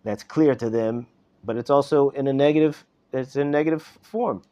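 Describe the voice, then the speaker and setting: A man's voice: medium pitch, normal speed, warm tone. A middle-aged man, a rabbi, teaching an informal Torah class in a conversational way, often checking in with "right?". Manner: conversational, repeats words and asks "right?" often. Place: classroom in a study hall. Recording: dull live class recording.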